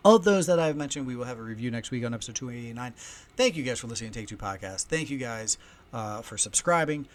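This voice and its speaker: Male podcast host, mid pitch, very animated delivery, recording at home with faint background ambience. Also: fast talker, a little hiss or hum. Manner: chatty storyteller, lively swings in loudness. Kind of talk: casual solo podcast chat. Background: faint ambience of heating and kids upstairs.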